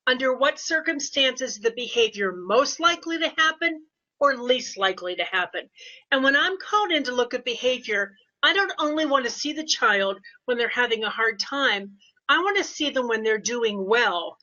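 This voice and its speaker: An older woman, a behavior consultant, speaking in a casual podcast interview and telling animated stories with quoted voices. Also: on the high side, normal speed. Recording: dull lo-fi audio.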